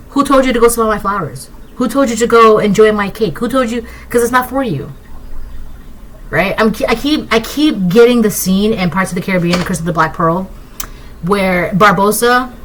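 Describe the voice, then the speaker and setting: A woman giving a casual collective tarot reading, rambling and excitable, often tagging her points with "right?". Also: mid-range voice, slight background noise, low-quality recording. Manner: keeps asking "right?". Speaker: tarot reader.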